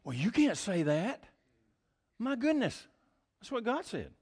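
Male preacher, sermon, high voice, lively swooping delivery, rhetorical questions. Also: unhurried, breathy edge. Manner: animated, acts out quoted voices, laughs often.

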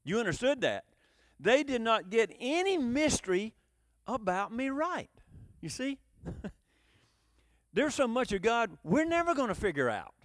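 A man preaching a sermon with a high voice that leaps all over its range. He moves between loud, emphatic bursts and low, quiet asides. The sound is dry and close. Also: very animated, measured pace, pauses often, dry recording.

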